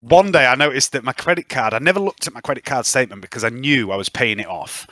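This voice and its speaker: Male GM, bright clear tone, dry close sound, laid-back and chatty. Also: medium pitch, fast talker, no echo. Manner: chatty, easygoing, with long anecdotes. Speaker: game master. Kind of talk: running a tabletop game over casual chat.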